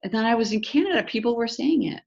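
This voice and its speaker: A woman chatting casually, telling animated anecdotes with quick asides. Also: a little high, vocal fry. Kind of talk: casual chat, storytelling. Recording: slightly muffled recording.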